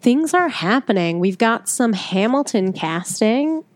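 A woman's voice: fairly high pitch, sing-song, unhurried, dry recording. Easygoing woman podcast co-host, dry sound. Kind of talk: casual chat, reading a listener email.

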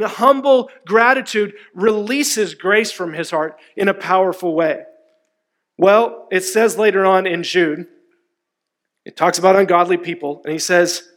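High-voiced preacher with a drawl. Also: male voice, a bit bright. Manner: emphatic, rhetorical questions to the congregation. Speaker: pastor. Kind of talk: sermon.

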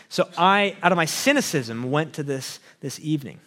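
A young man from Canada gives a personal testimony in a casual, earnest voice that sits a little high for a man. He talks the way people talk, with plenty of fillers and restarts, and a self-deprecating, conversational warmth. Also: animated, a little fast. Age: young adult. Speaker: pastoral student sharing testimony.

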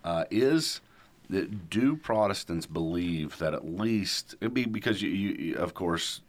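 A man with a very low voice co-hosts a theological discussion. He talks conversationally and keeps steering the talk with questions. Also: expressive, slow pace.

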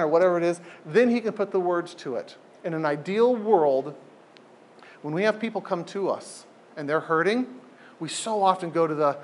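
A man leading an informal group talk, animated and emphatic, often repeating phrases for effect. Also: on the high side, brisk, a little hiss or hum.

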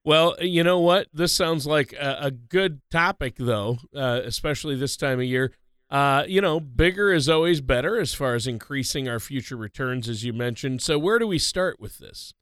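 A man's voice: medium pitch, animated, moderate pace, fairly bright tone, clean tone, no room sound, clean studio sound. A man co-hosting a financial radio show who banters, asks curious questions and laughs often. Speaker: radio co-host.

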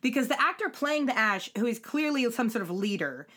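A woman's voice: on the high side, brisk. A woman podcast co-host, recapping a show in casual chat and acting out characters' lines. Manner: animated, acts out character lines in put-on voices.

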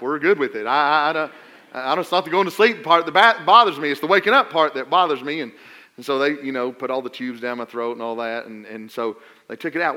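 A middle-aged pastor with a mid-range voice tells a personal story from the pulpit, stammering and restarting before he climbs to loud, emphatic appeals.

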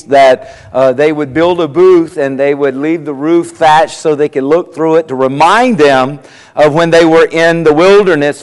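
A man's voice: on the high side, darkish tone, clear, resonant tone. A man preaching a sermon, telling folksy jokes and acting out the voices in them. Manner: folksy storytelling, acts out voices in his jokes. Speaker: pastor. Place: church sanctuary. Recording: long hall reverb.

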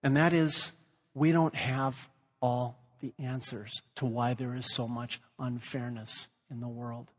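A man's voice: medium pitch, flat delivery, a little slow, a bit bright, long reverb tail. A man from Louisiana preaching a sermon and telling stories, acting out the voices he quotes. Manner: storytelling, acts out quoted voices. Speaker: pastor.

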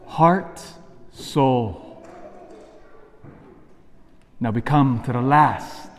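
A man's voice: mid-range voice, very slow, long reverb tail. A man, a Catholic priest, giving a sermon and telling a personal story, acting out both sides of a conversation.

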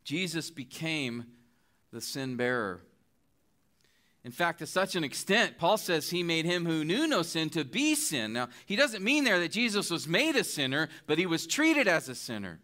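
A middle-aged man preaching from the pulpit, his voice bright and forward and pitched a little high. He builds his points with earnest, pleading appeals. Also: sing-song, moderate pace. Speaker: guest preacher. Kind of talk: sermon.

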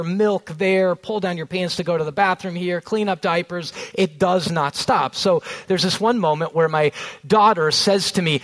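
A man in his thirties preaching a sermon, telling a family story and slowing down on key phrases. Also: fairly high pitch, fairly bright tone. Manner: storytelling with rising emphasis, slows on key phrases. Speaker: pastor.

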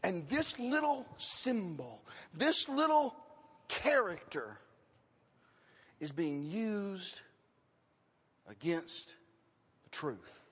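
High-voiced preacher in a reverberant hall. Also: male voice, big pitch swings, very slow, pauses often, a bit bright, breathy edge. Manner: teaching with questions and emphatic repetition. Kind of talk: sermon.

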